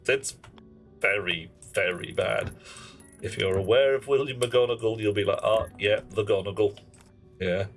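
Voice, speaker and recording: A man's voice: on the low side, fairly bright tone. A man chatting on a live game stream in a wry, theatrical way. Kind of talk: casual live-stream chat.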